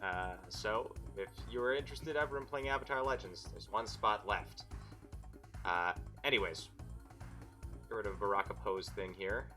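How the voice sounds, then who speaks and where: A man's voice: fairly low pitch, moderate pace, pushed and bright, soft background music. A man from Quebec with a Canadian accent, narrating a tabletop game as game master in a rambling, casual way. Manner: rambling, filler-heavy recap.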